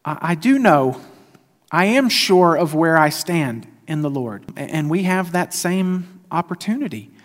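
A male pastor giving a conversational, animated sermon, often laughing at himself. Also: on the high side, unhurried, in a large hall.

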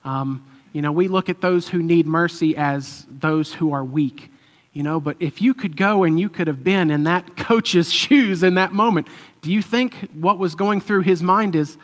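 A man with a slightly high voice gives a relaxed, chatty sermon. He tells the story loosely, with small fillers and easy chuckles. His voice rings out with a long echo in a church hall. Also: normal speed. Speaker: preacher. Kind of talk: conversational sermon.

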